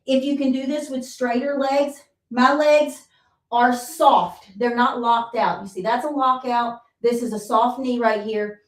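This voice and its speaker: A high-voiced woman coaches a workout class at an unhurried pace, counting out each rep and reassuring her listeners. She is audibly out of breath. The sound is roomy, with the mic some distance away. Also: fairly even intonation. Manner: counts reps aloud, encouraging and reassuring. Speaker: fitness instructor. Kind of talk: live workout class instruction.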